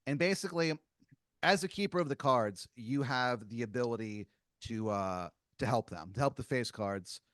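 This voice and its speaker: A man hosting a comedy podcast, improvising a story in a rambling, halting way with many fillers and giggles. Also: medium pitch, fairly bright tone, no room sound, clean studio sound. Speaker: podcast host.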